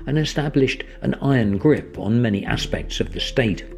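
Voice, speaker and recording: A male presenter narrating a radio documentary trailer in a measured, scripted way. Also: mid-range voice, lively intonation, vocal fry.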